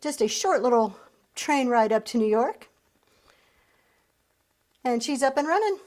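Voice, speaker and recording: A woman's voice: fairly high pitch, lively intonation, a little slow, darkish tone. A middle-aged woman from Pennsylvania, hosting a live reselling auction in an upbeat, chatty way and thanking her viewers as she goes. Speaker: live-stream reseller host. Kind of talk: live auction selling chat.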